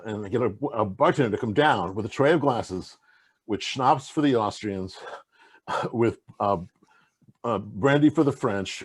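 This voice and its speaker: A man being interviewed as a game designer, telling rambling, animated stories full of fillers and restarts. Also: medium pitch, slightly rough. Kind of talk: casual conversational interview.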